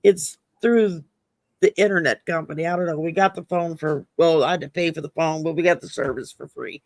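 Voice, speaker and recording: A man's voice: a little high, fairly quick, vocal fry, no room sound. A man co-hosting, chatty and amused as he tells stories. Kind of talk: casual chat.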